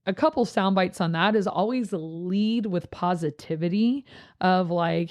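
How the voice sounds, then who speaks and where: A woman youth pastor chatting casually, telling lively stories and jumping into high voices when she quotes people. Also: normal speed. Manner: animated storyteller, jumps into high voices when quoting others. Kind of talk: casual podcast chat.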